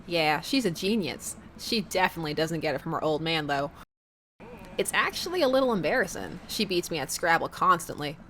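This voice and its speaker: A woman's voice: sits low, lively intonation, a little fast, a bit bright, a little hiss or hum. A woman voicing a burly, easygoing male dad, a competitive contractor, in a put-on fake Southern accent with a teasing, folksy drawl. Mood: laid-back.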